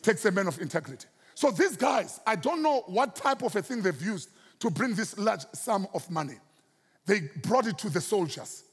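A South African man preaching a sermon as pastor, swinging his pitch and stretching out key words for emphasis. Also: expressive, normal speed, husky, big-room sound.

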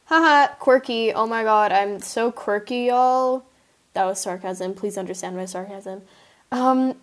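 A young woman with a mid-range voice who takes her time, reading her own story aloud at an unhurried pace. Between passages she drifts into chatty, self-mocking asides and giggles at her own jokes, then answers listener questions. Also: mid-range voice.

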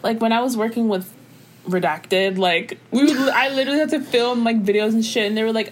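A woman's voice: fairly high pitch, a little fast. A young woman in casual chat, talking in an emphatic, slangy way and laughing often.

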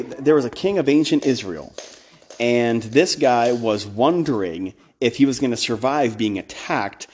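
A man's voice: mid-range voice, darkish tone. A man hosting a podcast, talking in a casual preaching style, blunt and emphatic, with restarts and side remarks. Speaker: podcast host.

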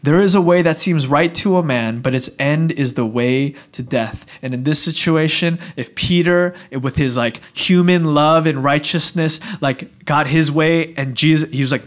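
A man's voice: a little high, moderate pace, hardly any pauses. A young man preaching a sermon in a casual, conversational way, often acting out what people would say. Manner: animated, conversational, acting out dialogue. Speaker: pastor.

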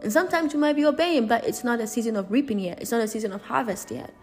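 A woman's voice: a little high, quick pace, darkish tone, soft background music. A woman preaching a sermon in an earnest, emphatic way, repeating and restarting her phrases.

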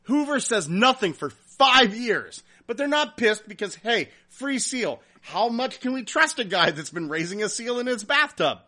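A man hosting a casual podcast, reading listener comments and telling a story in a profane, animated way. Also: extremely high pitch, moderate pace, hardly any pauses. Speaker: podcast host.

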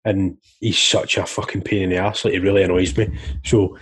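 A Scottish man in a casual podcast chat, swearing easily as he tells his stories. His voice is low and rough around the edges. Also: flat delivery, fairly quick. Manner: chatty storyteller, swears freely.

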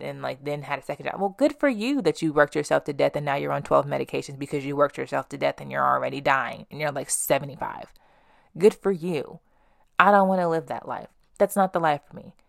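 A woman's voice: sits low, gravelly, dry recording, clean studio sound. A woman in her twenties hosting a podcast, talking candidly and bluntly about her own life, swearing freely and leaning on fillers. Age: 20s. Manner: blunt and profane, filler-heavy, venting. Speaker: podcast host. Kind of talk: candid personal monologue.

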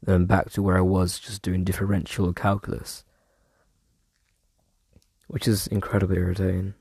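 A man's voice: deep voice, completely flat delivery, moderate pace, vocal fry, darkish tone, breathy edge, no room sound, studio quality. A young man, rambling casually through a podcast monologue at home. He trails off and jokes at his own expense in slang. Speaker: podcast host. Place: room at home.

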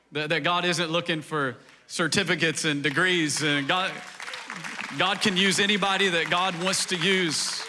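A man's voice: sits high, bright, forceful tone. A man pastor preaching a sermon in a conversational style, acting out quoted dialogue and building to a fervent climax. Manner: frequent "like" fillers.

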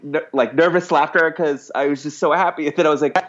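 A man's voice: on the high side, fairly even intonation, fast talker, fairly bright tone, highs cut off. A man telling a personal story in a casual, rambling way, full of fillers and acted-out dialogue. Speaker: guest author.

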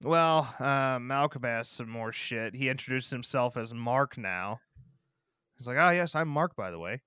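A man's voice: medium pitch, unhurried, bright, forceful tone, smooth, dry recording, studio quality. A man co-hosting a casual movie review podcast, laid-back and hesitant, often trailing off. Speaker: podcast co-host.

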